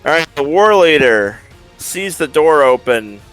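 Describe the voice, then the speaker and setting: A man's voice: on the high side, lively intonation, a little slow, a bit bright, clean tone, soft background music. A man running a tabletop game as game master, casual and profane, laughing between rulings.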